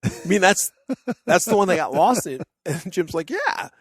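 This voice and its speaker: A man's voice: normal speed, slightly rough, no room sound. A man co-hosting a podcast, telling a story in casual chat and acting out what people said. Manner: animated, acts out quotes with big pitch jumps. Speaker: podcast co-host.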